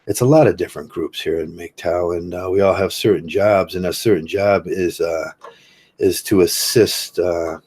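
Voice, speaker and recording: An older man hosting a livestream, talking casually in a rambling, halting way with many fillers while he reads chat comments. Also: low-pitched, darkish tone, breathy edge. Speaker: livestream host.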